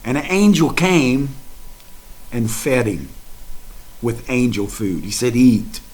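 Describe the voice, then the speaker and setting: Guy preaching a sermon, medium voice, gets real quiet then real loud, talks right at you. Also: mid-range voice, very animated, slow pace, rough recording. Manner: dramatic, swinging between hushed and loud; folksy, speaks directly to listeners.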